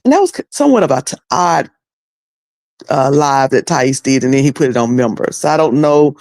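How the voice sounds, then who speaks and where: A woman's voice: a bass voice, expressive, brisk, a little mellow, no room sound. A middle-aged woman giving loose, candid commentary on a video, rambling and often repeating herself. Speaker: online commentator.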